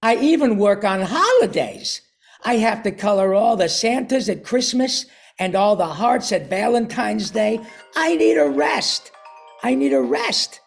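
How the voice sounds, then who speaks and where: A man's voice: high-pitched, animated, unhurried, gravelly, faint music behind, pitched above the performer's own voice, full character voice. An older man voicing an overworked red crayon who pleads for a rest in a storybook reading. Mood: weary complaint.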